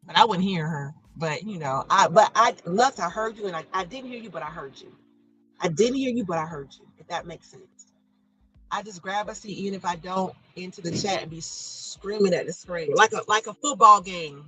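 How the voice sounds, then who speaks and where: Bright-voiced chatty woman. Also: lowish voice, normal speed, faint music behind, rough recording. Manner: chatty, laughing, pronounces every syllable. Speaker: livestream host reading chat. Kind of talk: casual chat.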